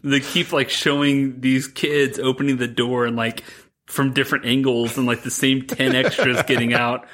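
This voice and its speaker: A man's voice: medium pitch, level tone, moderate pace, fairly bright tone. A man co-hosting a podcast, rambling through a mocking movie recap and laughing between his lines in casual chat. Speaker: podcast co-host.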